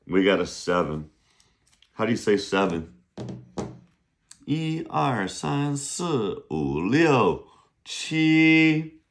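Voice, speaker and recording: Man, low voice, lively ups and downs, playful classroom teacher, hums tunes between drills. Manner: slow, drawn-out pronunciation drills. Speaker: Chinese teacher.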